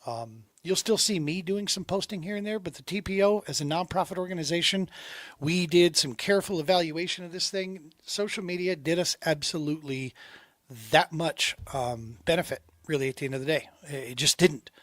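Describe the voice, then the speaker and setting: A middle-aged man hosting a podcast, talking in a relaxed, rambling way and calling his guest "dude" and "man". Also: on the high side, a little fast, no room sound. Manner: laid-back, rambling, says dude and man often. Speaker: podcast host. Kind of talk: casual interview chat.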